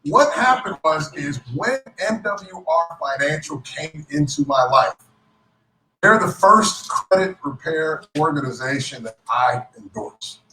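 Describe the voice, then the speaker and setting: A man talks to a crowd in a joking, lively motivational way, calling himself a clown. His voice is fairly high and bright. He is picked up from a distance in an echoey hall with faint room noise. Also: measured pace. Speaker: speaker at a business event. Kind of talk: motivational talk to a live audience. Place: event hall with audience.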